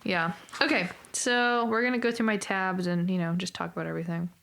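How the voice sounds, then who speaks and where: A woman's voice: lowish voice, steady tone, a little fast, vocal fry, fairly bright tone, a little hiss or hum. Bubbly young woman hosting a book chat. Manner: bubbly, laughs often, says "like" a lot. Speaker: book club podcast host.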